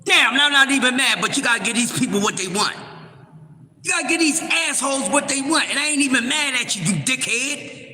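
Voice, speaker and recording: A man hosting a live stream, recapping a boxing press event and cursing out a troll in his chat in a heated, shouting manner. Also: very high voice, expressive, brisk. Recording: echoey room with long reverb.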